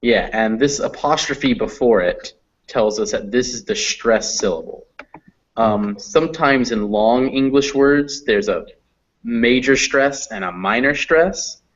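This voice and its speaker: A man's voice: mid-range voice, unhurried. A man teaching English pronunciation to a class, patiently explaining step by step. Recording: dull lo-fi audio.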